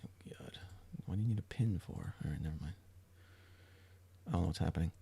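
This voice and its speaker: A man's voice: sits low, quick pace, vocal fry, mellow, a little hiss or hum. A middle-aged man hosting a livestream, chatting casually and rambling with frequent restarts and swearing. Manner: rambling, profane, self-interrupting. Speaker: livestream host.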